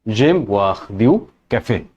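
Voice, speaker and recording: Man, language teacher, animated pitch, slow delivery, repeats every example. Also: husky, lo-fi sound. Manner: repeats each example several times, checks with "right?" and "correct?". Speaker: French teacher. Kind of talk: slow, repetitive language lesson.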